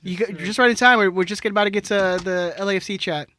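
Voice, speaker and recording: A man's voice: sits high, fast talker, sharp tone, slight background noise. A man co-hosting a casual podcast chat, joking and teasing. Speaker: podcast co-host.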